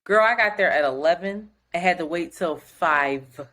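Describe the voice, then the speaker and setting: A woman co-hosting a podcast, telling a story in casual chat, animated and profane, acting out other people's quotes. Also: on the low side, moderate pace. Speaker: podcast co-host.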